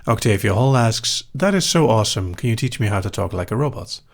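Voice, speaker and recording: A young Dutch man with a Dutch accent, a hypnosis show host calmly reading out and answering audience questions with dry humor. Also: fairly low pitch, creaky. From Netherlands. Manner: calm, unhurried, dry humor. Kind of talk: live Q&A reading chat questions.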